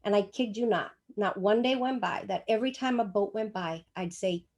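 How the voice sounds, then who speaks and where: Older woman telling an animated testimony. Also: medium pitch, normal speed, few pauses. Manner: animated, acts out dialogue, emphatic. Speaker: church member giving testimony. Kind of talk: personal testimony storytelling.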